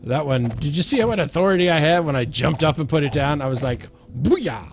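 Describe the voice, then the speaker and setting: With faint music behind him, a man speaks fast in a slightly high voice. His gameplay commentary is casual and playful, full of chanted counts, self-mockery, and goofy asides.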